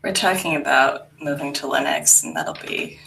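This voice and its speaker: A woman's voice: rumbling low, big pitch swings, normal speed, gravelly, background noise. A woman in a casual technical chat on a video call, dry and joking.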